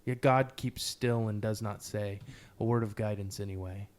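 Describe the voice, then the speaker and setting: Lower-voiced guy reading a poem out slow and steady. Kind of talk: poetry reading.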